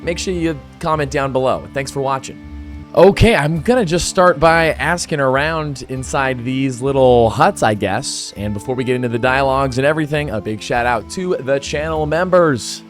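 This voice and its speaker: Young man, casual game commentary, chatty, mid pitch, faint music. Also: moderate pace. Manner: chatty, laid-back, talks straight to viewers. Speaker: gaming channel host.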